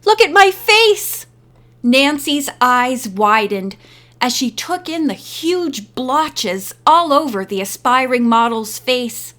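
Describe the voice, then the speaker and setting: A woman narrating a teen mystery audiobook in a measured reading. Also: on the high side, lively intonation, fairly bright tone. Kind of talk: scripted narration.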